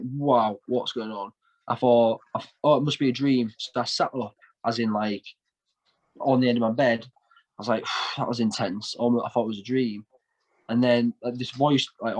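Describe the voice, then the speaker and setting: A man in his twenties from north east England, with the accent to match, tells his story as a guest in a casual interview. He's a shamanic practitioner who rambles, using lots of fillers and repeated words. His voice is mid-range, and the recording quality is low.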